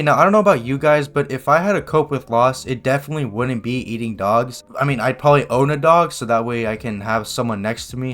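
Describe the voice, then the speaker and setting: A man's voice: medium pitch, a bit bright. A man hosting a reaction video, giving sarcastic, rambling commentary full of restarts.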